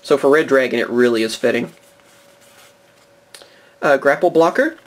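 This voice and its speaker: A man's voice: mid-range voice, moderate pace. Chatty young man opening card packs. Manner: chatty and enthusiastic, chuckles often. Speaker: card-collecting video host. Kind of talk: casual box-opening commentary.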